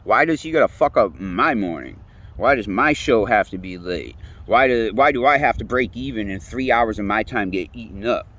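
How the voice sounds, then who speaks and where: A man's voice: on the low side, expressive, normal speed, fairly bright tone. A man hosting his own show, talking in a casual, rambling rant full of swearing and fillers. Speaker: host.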